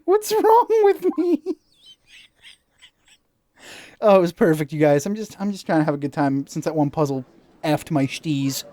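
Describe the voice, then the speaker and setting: A man's voice: a little high, a little fast, no echo. A man hosting a let's-play, chatting casually with lots of laughter and self-mocking asides. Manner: giggly, animated, self-mocking. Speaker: gaming channel host.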